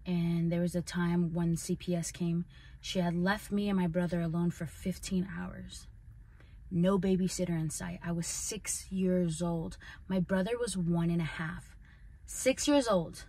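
A woman's voice: fairly low pitch, fairly even intonation, unhurried, dark tone, breathy edge. A woman hosting a podcast, telling her own story in an earnest, conversational way, full of "like" and "right?". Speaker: podcast host. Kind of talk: personal storytelling.

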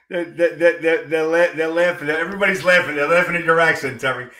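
A man's voice: fairly high pitch, fairly even intonation, fairly quick, sharp tone, echoey room. A man with a New York accent from Queens, hosting a casual rock interview, joking and repeating catchphrases. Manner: joking, keeps saying "forget about it". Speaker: host.

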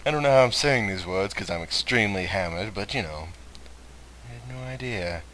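A man's voice: fairly low pitch, animated, brisk, a bit bright, slight background noise, rough recording. A young man giving casual, crude let's play commentary and laughing through his lines.

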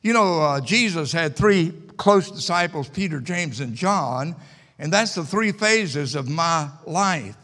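An older male preacher delivers a sermon in a church, his voice sitting notably high. He tells stories in a homespun way and hammers points home through repetition. A long church reverb trails behind each phrase. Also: expressive, slow, bright, forceful tone. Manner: folksy storytelling, emphatic repetition. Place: church sanctuary.

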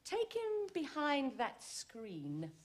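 A woman's voice: high voice, huge pitch swings, extremely slow. A woman performing a broad pantomime sketch on an old television game show, with a theatrical, sing-song delivery. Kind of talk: broad pantomime comedy acting.

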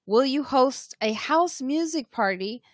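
A woman's voice: high voice, animated, unhurried, no echo. Chatty woman hosting a dry-sounding live stream. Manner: chatty, reads out viewer comments. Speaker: podcast host. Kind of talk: casual live-stream chat.

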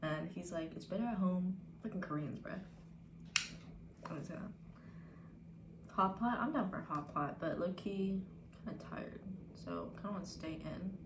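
A woman's voice: lowish voice, unhurried, pauses often, noisy background. A young woman in her twenties streaming from home, chatting casually with viewers in a laid-back, profane way that drifts into whispers. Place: home room. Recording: echoey room with faint ambience.

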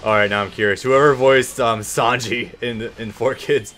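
A man's voice: mid-range voice, steady tone, normal speed, a bit bright. A man giving casual gameplay commentary, laid-back, swearing freely and trailing off with ums. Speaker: let's play host.

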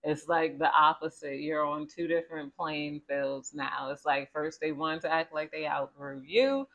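A woman's voice: deep voice, measured pace, fairly bright tone. Woman, tarot reader, casual, chatty, conversational. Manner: chatty and conversational, repeats 'Spirit, please tell me more'. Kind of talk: casual tarot reading to viewers.

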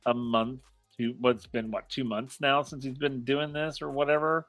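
A man's voice: mid-range voice, steady tone, a little slow, sharp tone, no room sound, faint music behind. A man co-hosting a wrestling podcast, agreeing and laughing as he tells how worked up he got. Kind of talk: casual podcast chat.

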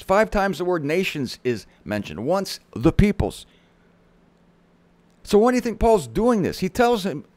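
A middle-aged man gives a Bible teaching in a lively sermon style, his voice sitting fairly high for a man. He reads scripture aloud with dramatic emphasis and slips in chatty asides. The recording is close and dry, with no room sound. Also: dry recording. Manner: conversational asides.

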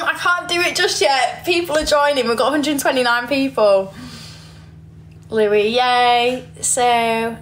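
Brief: giggly young Yorkshire woman, a bit high, phone livestream, faint noise. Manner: chatty, giggly, reads comments aloud. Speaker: livestreamer reading viewer comments. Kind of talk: casual livestream chat.

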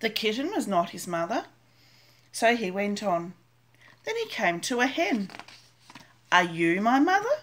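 Slow, lilting older woman reading aloud. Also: medium pitch, sing-song. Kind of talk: storybook read-aloud.

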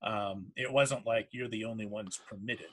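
A man's voice: on the low side, fairly even intonation, moderate pace, fairly bright tone. Hesitant man running a tabletop game. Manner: hesitant, full of fillers and restarts. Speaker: game master.

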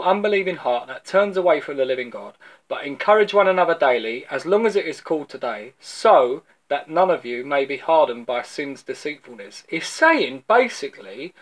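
A London man with a slightly raised voice gives a relaxed, chatty sermon. He tells stories the way he would to friends, often doubling back on his words as he restarts. It is plain preaching rather than a polished delivery. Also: on the high side. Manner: conversational storytelling, repeats words as he restarts. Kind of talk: informal video sermon.

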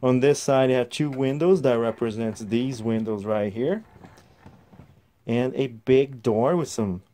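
A man's voice: medium pitch, a little slow, mellow. A man reviewing a toy set in a casual, chatty way, showing the pieces as he explains them.

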